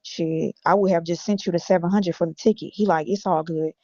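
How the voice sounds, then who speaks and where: A woman's voice: lowish voice, fairly even intonation, a little fast, warm tone, no echo. A woman from Illinois bluntly reading her text messages aloud on a stream, with a lot of profanity. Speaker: guest recounting text messages. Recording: dull lo-fi audio.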